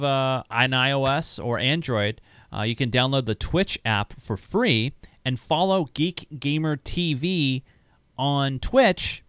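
Male co-host, relaxed chatty delivery, laughs easily, crisp voice, mid pitch. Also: no room sound, studio quality. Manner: laughs often, repeats himself. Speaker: show co-host. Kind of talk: casual chat, reading viewer questions. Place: home studio.

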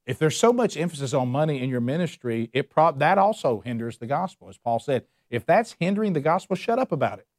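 A man's voice: fairly high pitch, big pitch swings, brisk, few pauses, darkish tone, no room sound, clean studio sound. A man teaching a Bible study, emphatic and repeating his points with rhetorical questions. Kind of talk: preaching a Bible study lesson.

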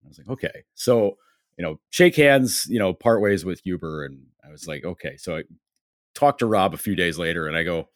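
A man's voice: deep voice, expressive, normal speed, no room sound, studio quality. A man who writes about sports, telling a long story in casual podcast chat, full of fillers and quoted back-and-forth, with a Western New York accent. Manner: rambling anecdotes, many fillers and acted-out quotes.

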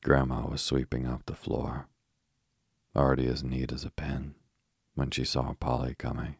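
A man narrating a children's storybook in a steady, measured reading. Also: extremely low pitch, creaky, breathy edge, no echo, studio quality. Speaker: audiobook narrator.

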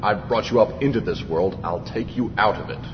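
A man's voice: lowish voice, a little fast, lightly acted. A man playing a stern, short-tempered male Jedi master in a fan audio comedy sketch, talking down in a threatening way. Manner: threatening, growing indignant. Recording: lo-fi with long reverb and music.

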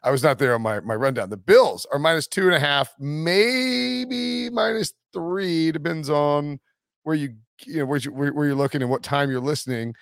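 A man hosting a sports betting podcast, talking in a jokey, animated way and laughing often. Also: mid-range voice, fairly quick, no room sound, studio quality. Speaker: podcast host. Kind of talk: casual sports betting chat.

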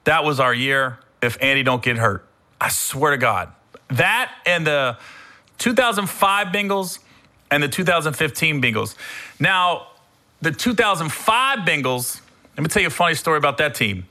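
A middle-aged man hosting a podcast, telling comedic stories in an animated, rambling way with some swearing. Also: on the high side, moderate pace. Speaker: podcast host. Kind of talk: comedic storytelling.

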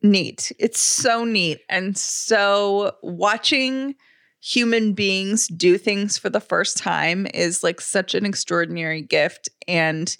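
A young adult woman co-hosting a podcast, telling a story with excited, gushing energy in casual chat. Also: mid-range voice, slow, vocal fry, smooth, dry recording, clean studio sound. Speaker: podcast co-host.

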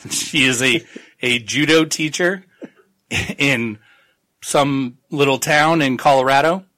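Bright-voiced joking man recapping a novel. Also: medium pitch, slow. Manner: rambling, jokey recap full of laughs and profanity. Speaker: podcast host. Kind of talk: casual book-club chat.

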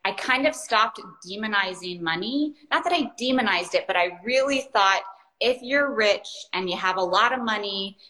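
Bright, chatty woman coach. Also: mid-range voice, lively intonation, moderate pace, poor audio. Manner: chatty and enthusiastic, lots of "like" and "right?". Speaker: life and business coach. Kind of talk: casual conversation.

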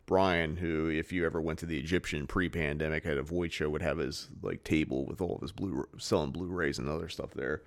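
A man's voice: extremely low pitch, fairly even intonation, a little fast, creaky, hardly any pauses. A man co-hosting a podcast in casual, rambling chat, swearing freely. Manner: loose, rambling, swears a lot. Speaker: podcast co-host.

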